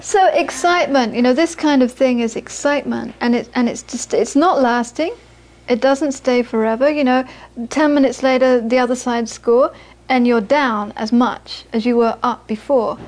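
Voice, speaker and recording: Woman, Buddhist teacher, high voice, lively anecdotes, gentle earnest teaching. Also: moderate pace, hardly any pauses. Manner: lively storytelling, acts out the people she quotes. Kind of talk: dharma talk to a small audience.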